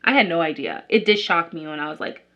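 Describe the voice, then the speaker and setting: A woman's voice: on the low side, fast, sharp tone, dull audio. A young woman vlogger chatting casually as she does her makeup, rambling with lots of likes and restarts. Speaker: beauty vlogger. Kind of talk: casual chat while doing makeup.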